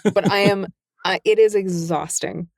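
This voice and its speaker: Her voice sits at a medium pitch and moves at a measured pace, recorded at studio quality with no room sound. She is a middle-aged novelist guesting as a narrator on a candid podcast, telling stories with energy and performing each quote.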